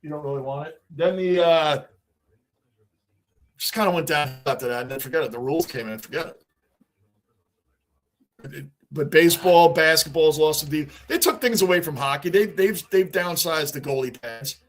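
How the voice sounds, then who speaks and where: A man's voice: fairly high pitch, normal speed, long pauses. A middle-aged man, hosting a casual livestream, talking on and answering chat, often repeating himself. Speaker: livestream host.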